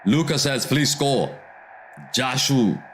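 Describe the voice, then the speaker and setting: A man hosting a football watchalong stream, reading viewer comments aloud and reacting to the match in a relaxed, slangy way. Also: medium pitch, takes it slowly, a little hiss or hum. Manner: reads viewer comments aloud and answers them, calls out match action, slangy "bro". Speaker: livestream host reading chat during a football watchalong. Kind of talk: casual live commentary and chat reading.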